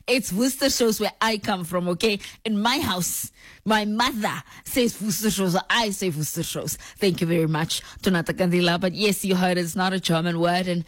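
A woman's voice: mid-range voice, normal speed, no echo. A woman radio host talking in a playful, chatty way, stretching out words for emphasis. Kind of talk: casual radio talk. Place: radio studio.

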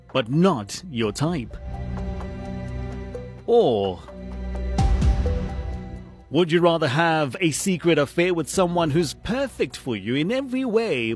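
A man hosting a lively morning radio show, mixing English with Zulu slang. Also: a little high.

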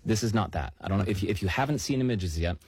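A man with a very low, husky voice walks through the facts in a measured, explanatory way. He leans on key words for emphasis. The sound is dry and close. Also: animated, darkish tone, no echo. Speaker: news explainer guest. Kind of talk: explanatory talk-show chat.

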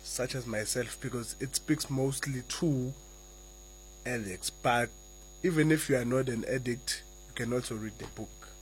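A man, a guest author answering interview questions and reading slowly and deliberately from his own memoir. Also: mid-range voice, breathy edge, poor audio. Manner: soft-spoken, slow and deliberate when reading.

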